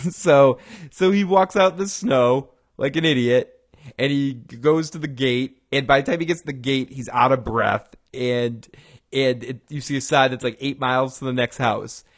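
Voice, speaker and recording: Chatting casually, the male host walks through a TV episode in a rambling way, with frequent restarts and chuckles. His voice is medium in pitch and moderate in pace, rising in bursts whenever he acts out a quoted line.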